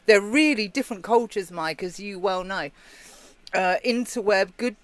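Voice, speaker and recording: A man's voice: sits high, moderate pace, fairly bright tone, no room sound. A British man co-hosting a live show, chatting casually and reading out viewer comments. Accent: British English. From Britain. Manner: chatty, reads out chat comments. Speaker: co-host of a live chat show. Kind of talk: casual chat.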